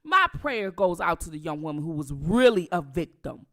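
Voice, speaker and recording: A woman's voice: on the low side, big pitch swings, normal speed, fairly bright tone. A woman from Detroit with a Detroit accent, hosting casual commentary, emphatic and outraged, repeating herself for effect. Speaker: commentary channel host.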